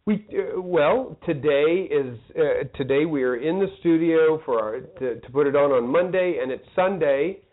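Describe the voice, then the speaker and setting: Male co-host, a bit high, flustered and rambling, tinny phone-like audio. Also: moderate pace, few pauses. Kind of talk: casual chat. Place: small studio.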